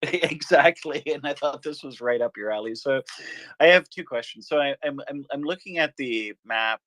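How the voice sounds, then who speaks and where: A man hosting a casual online chat, asking questions hesitantly with many pauses to find his words. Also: medium pitch, a bit bright, dry recording, rough recording.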